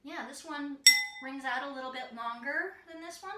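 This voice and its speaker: A woman with a fairly high voice leads a children's music lesson in her kitchen. She talks in friendly questions to young listeners. She sounds distant in an echoey room with loud clatter. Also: animated, brisk, heavy background noise. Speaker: music teacher. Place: home kitchen.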